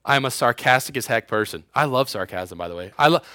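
A man's voice: medium pitch, expressive, fairly quick, sharp tone, dry recording, studio quality. A young man preaching a sermon in a casual, joking way, acting out quotes and using sarcasm. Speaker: youth pastor.

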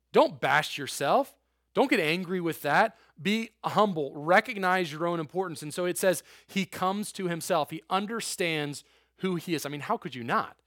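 A man's voice: high-pitched, a bit bright, dry recording, clean studio sound. A young man preaching casually to a youth group, acting out quotes and laughing as he goes. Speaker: youth pastor.

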